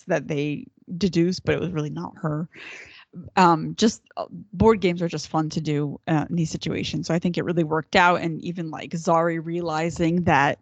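A woman talks through a TV episode in easy, excited chat, laughing between her points. Her voice sits a little low. The audio is dry and a bit muffled, with no room sound. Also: no room sound. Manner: chatty, enthusiastic, laughs often, jumps into quoted voices. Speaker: podcast co-host. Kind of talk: casual TV recap chat.

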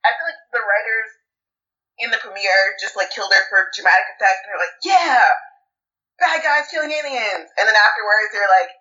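Exasperated woman ranting, bright voice. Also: mid-range voice, fairly even intonation, fast. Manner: exasperated ranting, sarcastic mock quotes. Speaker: podcast co-host. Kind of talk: casual TV episode recap chat. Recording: dull lo-fi recording.

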